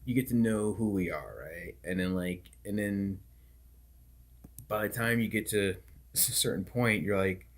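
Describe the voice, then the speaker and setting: A man's voice: fairly low pitch, unhurried. A man streamer chatting casually and rambling while he plays a game, full of "like" and "dude". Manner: laid-back, loose talk full of "like" and "dude". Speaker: gaming streamer.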